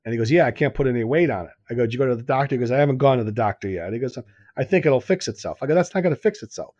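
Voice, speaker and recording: A man's voice: medium pitch, expressive, very fast, a little mellow, dry recording, lo-fi sound. A man on a casual podcast, telling a rambling anecdote full of quoted back-and-forth and repeating himself. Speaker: podcast co-host. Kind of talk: casual chat.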